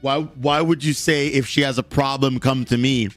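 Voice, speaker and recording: A man's voice: mid-range voice, steady tone, normal speed, few pauses, faint music behind. A man live-streaming, commenting bluntly and heatedly, with plenty of swearing as he reacts and reads aloud. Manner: blunt, profane, heated ranting.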